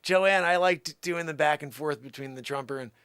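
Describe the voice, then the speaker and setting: Male live-stream host, sarcastic and rambling, slightly high voice, dry close mic. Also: normal speed, a bit bright, smooth, no room sound. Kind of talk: casual live-stream banter.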